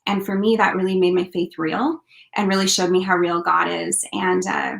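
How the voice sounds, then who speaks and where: A woman's voice: on the low side, flat delivery, normal speed, vocal fry, a bit bright. Earnest woman telling her story. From Canada. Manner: earnest, heartfelt, many fillers. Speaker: country singer, interview guest. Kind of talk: casual interview storytelling.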